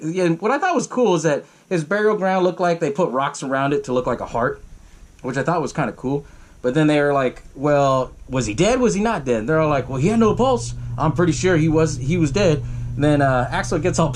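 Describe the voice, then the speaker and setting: A man hosting a podcast, casually retelling a horror film's plot in a rambling, profane way, jumping into the characters' lines in raised voices. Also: medium pitch. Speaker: podcast host. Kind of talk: casual movie recap.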